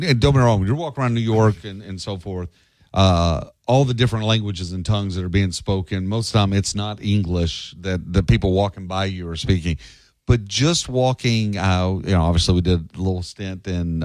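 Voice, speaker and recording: A man co-hosting a local radio talk show, telling stories in an animated, chatty way. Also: fairly low pitch, no echo, studio quality. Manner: animated storyteller, does street-vendor impressions. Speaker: radio co-host. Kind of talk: casual radio chat. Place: radio studio. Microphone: studio mic.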